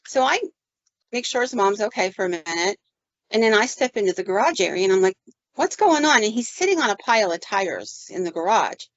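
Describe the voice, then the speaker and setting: A woman's voice: medium pitch, expressive, brisk, no room sound, dull audio. Chatty woman telling a ghost story. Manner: chatty, acts out voices in her stories. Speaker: podcast host. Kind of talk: casual storytelling.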